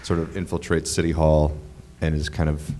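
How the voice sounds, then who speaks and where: A man with a very low voice speaking on a convention panel, dry and wry as he eagerly sells an old idea. Faint clicks and noise sit under him. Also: flat delivery, normal speed, warm tone. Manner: dry, wry humor, eager pitching of ideas. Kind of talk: panel discussion.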